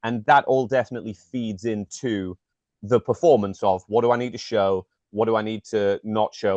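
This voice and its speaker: Brief: guy, 30s, lowish voice, chatty and filler-heavy, dull dry audio. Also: steady tone, darkish tone, dry recording. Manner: quick, filler-heavy, uses "like" and "you know what I mean". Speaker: guest, magician and actor. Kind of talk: casual conversation.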